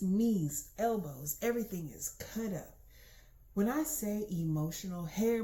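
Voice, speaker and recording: A young adult woman telling a comic personal story to her listeners in a casual, slangy, animated way. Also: medium pitch. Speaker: storytelling podcast host.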